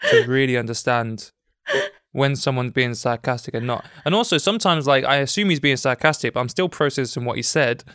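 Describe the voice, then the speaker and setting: A man co-hosting a casual podcast chat, thoughtful and a little halting, poking fun at himself. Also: medium pitch, expressive, a bit bright, no room sound, studio quality. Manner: thoughtful, halting, self-deprecating. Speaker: podcast co-host.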